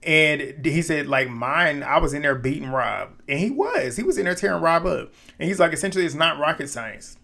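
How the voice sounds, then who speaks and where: A man with a slightly high voice talks through a reality show episode in a loose, conversational way. He acts out the lines he quotes and drops his own quoted reactions in between, keeping the retelling lively. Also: moderate pace, creaky, hardly any pauses. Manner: animated, retells scenes with quoted asides and laughs. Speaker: recap commentator. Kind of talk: casual reality show recap.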